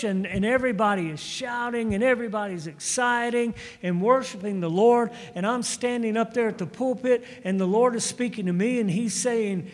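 A man's voice: sits high, moderate pace, few pauses. A middle-aged male preacher telling a personal testimony in a sermon, with frequent restarts and stumbles. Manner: storytelling testimony with repeated restarts. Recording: long hall reverb.

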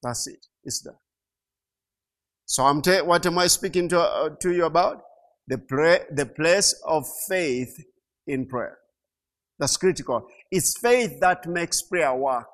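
A middle-aged man preaching a sermon, slow and emphatic, repeating key phrases and rising to loud peaks. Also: a little high. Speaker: pastor.

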